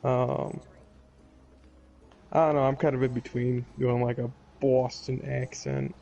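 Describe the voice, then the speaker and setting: A man's voice: medium pitch, level tone, unhurried, gravelly, warm tone. A man chatting casually and jokingly as he leads planning for a tabletop game, laughing often.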